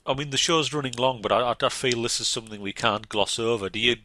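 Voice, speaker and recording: A man's voice: mid-range voice, quick pace, sharp tone, slight background noise. A man co-hosting a casual podcast chat, teasing and asking prodding questions. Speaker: podcast co-host.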